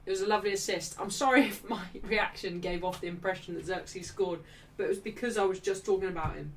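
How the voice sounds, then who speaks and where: A young woman hosting a live football watchalong, excitably reacting to play and reading out viewers' chat messages. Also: medium pitch, quick pace, distant mic, slight background noise.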